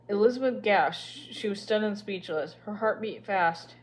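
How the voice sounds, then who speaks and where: A woman reads a children's chapter book aloud at a steady middle pitch. She stumbles now and then and starts over. The delivery stays plain and homely. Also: unhurried, few pauses. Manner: reads with slips and restarts. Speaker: audiobook reader. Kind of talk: storybook read-aloud.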